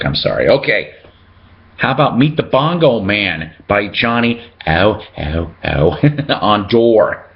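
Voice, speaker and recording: A man's voice: on the low side, muffled recording. A man hosting a casual show-and-tell video about his records, chatting and joking as he reads out the labels. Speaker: record collector host.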